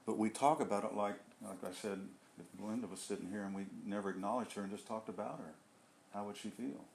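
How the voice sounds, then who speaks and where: A man in a casual group discussion, speaking earnestly and haltingly, often restarting and searching for words. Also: on the low side, creaky, darkish tone, a little hiss or hum. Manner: earnest and heartfelt. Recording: echoey room.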